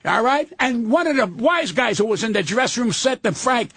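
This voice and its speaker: An older man, a guest comedian on a radio talk show, telling indignant, profane stories in a loud ranting way. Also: very high voice, expressive, normal speed, gravelly, breathy edge, no echo. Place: radio studio.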